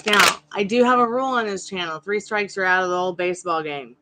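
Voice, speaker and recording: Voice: mid-range voice, brisk, bright, forceful tone, slight background noise. A tarot reader hosting a live stream, chatting casually with viewers and addressing them by name, firm but polite.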